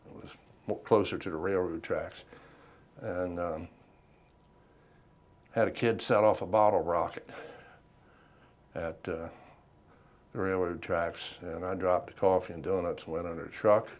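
Older male veteran interviewee, very low voice, measured reflective delivery. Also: steady tone. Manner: unhurried, reflective, many ums and pauses. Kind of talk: oral history interview.

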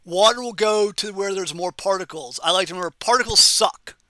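A man's voice: high voice, brisk, sharp tone, no room sound. A man teaching a biology lecture in a conversational, playful way, often checking in with "okay?" and using memory tricks. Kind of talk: recorded lecture.

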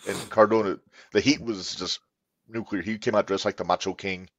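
A man's voice: fairly low pitch, fairly even intonation, fairly quick, no echo. A man hosting a podcast, chatting casually and recounting an event in an easygoing way. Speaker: podcast host. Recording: dull, dry lo-fi mic.

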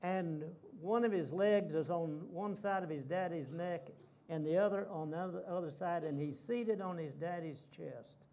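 High-voiced man preaching a story sermon. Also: normal speed, mellow. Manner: dramatic storytelling with repeated phrases. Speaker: guest preacher. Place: church.

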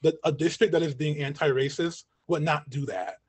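A man giving an online lecture as a community educator, earnest and talking in long chains of points, often checking in with a quick "right?", his voice getting worn. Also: a little high, breathy edge, dry recording. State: losing his voice. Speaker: community educator and guest speaker. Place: at home on a video call. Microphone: video call mic.

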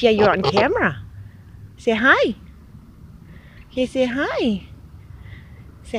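A woman's voice: on the high side, huge pitch swings, slow pace, long pauses, a bit bright, a little hiss or hum. Doting woman coaxing her pet in baby talk. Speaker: pet owner filming her goose. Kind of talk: casual home video, baby talk to a pet.

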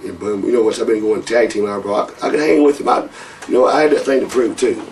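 An older former wrestler, a guest in a casual interview, tells profane wrestling stories, laughing often and calling people "brother." He's animated, with a fairly low voice and fast delivery, recorded roughly on a distant mic with slight background noise.

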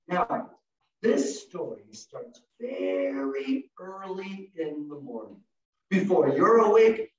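A man leading young children through a story activity in an online class, playful and singsong, coaxing them into call-and-response. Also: high voice. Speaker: early childhood educator presenting an online class. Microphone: video call. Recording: echoey, distant, dull video-call audio.

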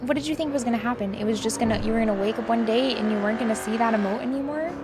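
Woman streamer, slightly high voice, chatty and profane, with car and engine noise from the game behind her. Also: racing. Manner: chatty, swears freely, loose rambling sentences. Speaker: streamer playing a role-play game. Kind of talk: casual chat while gaming.

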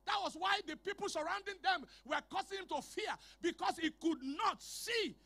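High-voiced, bright preaching pastor. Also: male voice, normal speed. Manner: animated preaching, shouting declarations, then dropping to quiet storytelling; calls on the congregation to repeat phrases. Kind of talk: sermon. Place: church hall.

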